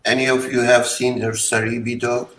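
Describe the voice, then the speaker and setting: A man talking slowly and hesitantly in a casual group chat, with many ums. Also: medium pitch, level tone, a bit bright, a little hiss or hum. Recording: roomy, distant mic.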